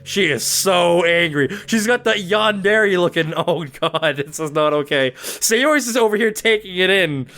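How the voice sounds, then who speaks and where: A man hosting a game playthrough, reading aloud and reacting excitedly with swearing. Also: high-pitched, measured pace, few pauses. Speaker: let's play host.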